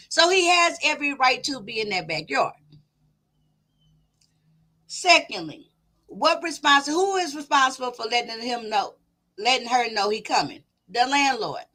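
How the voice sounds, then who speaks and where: A woman's voice: sits high, sharp tone. A woman hosting a commentary channel, reading viewer comments aloud and giving her own take in a casual, conversational way. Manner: casual, talks things through with her viewers.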